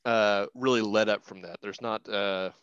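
A man's voice: lowish voice, steady tone, moderate pace, fairly bright tone, smooth, dry recording, muffled recording. A man co-hosting a casual movie chat, chiming in with laughing, jokey asides. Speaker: podcast co-host.

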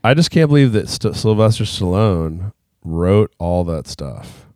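Male podcast co-host, low voice, rambling and jokey, dry close sound. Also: expressive, unhurried, a little mellow, dry recording. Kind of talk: casual chat.

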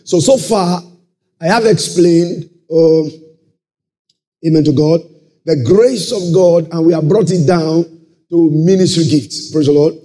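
A man's voice: on the high side, unhurried, warm tone. A man preaching a sermon, often breaking in with praise and asking whether listeners are following. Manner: peppers talk with "praise the Lord" and checks listeners follow.

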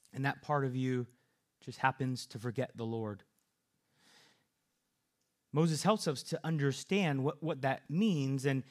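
A man preaching a sermon, earnest, often repeating and restarting words. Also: medium pitch.

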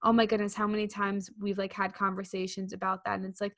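A woman's voice: medium pitch, completely flat delivery, fast talker, a bit bright. A young woman co-hosting a podcast in casual chat, who keeps acting out quoted inner voices. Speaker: podcast co-host.

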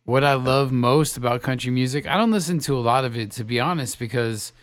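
A man's voice: medium pitch, fairly quick, no echo, clean studio sound. A man co-hosting a podcast, playful and bantering, with emcee-style asides to listeners. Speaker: podcast co-host.

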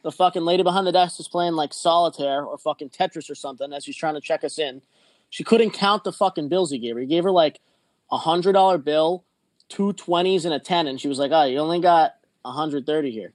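A man's voice: a little high, a little fast, no echo. A young man in casual chat, telling a story in a laid-back, wry way with casual swearing.

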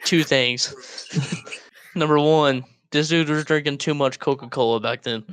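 Young man, clear voice, teasing banter. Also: a little high, measured pace, fairly bright tone. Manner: laughs often, teasing reactions. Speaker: podcast co-host. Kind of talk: casual chat.

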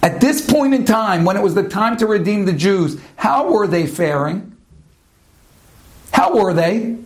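A man's voice: high voice, very animated. A man giving a Torah lesson in a sermon style, asking rhetorical questions and mixing Hebrew terms into his English. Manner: rhetorical questions, drawn-out emphatic pauses. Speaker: rabbi giving a Torah talk.

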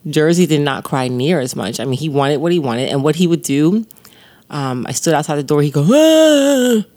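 A woman co-hosting a casual podcast with her husband, telling animated stories and laughing often. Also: sits low, fairly quick. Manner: animated storytelling, acts out her baby with laughs. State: sore back. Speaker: podcast co-host. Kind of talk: casual couple's podcast chat.

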